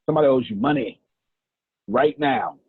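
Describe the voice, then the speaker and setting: Man, motivational speaker, fiery and preachy, husky voice, tinny phone-like sound. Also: moderate pace, dry recording. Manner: fiery, preachy, emphatic with big pitch swings. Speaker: business speaker. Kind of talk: motivational talk.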